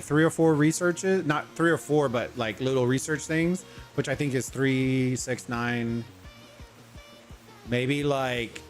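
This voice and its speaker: A man hosting a casual gaming livestream, talking loosely, rambling and greeting viewers from chat, with faint music behind him. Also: medium pitch. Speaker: livestream host. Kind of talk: casual gaming stream commentary.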